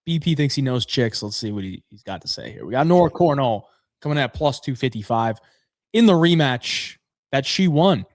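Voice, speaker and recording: Easygoing and casual, a male co-host talks betting on his podcast. His medium-pitched voice carries lively intonation at a moderate pace, with clean, echo-free studio sound.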